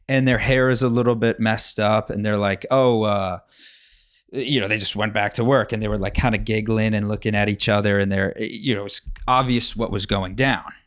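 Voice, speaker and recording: A man's voice: lowish voice, moderate pace, no room sound, clean studio sound. A young man telling rambling personal stories in a casual monologue, often turning to ask the listener rhetorical questions. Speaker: podcast host.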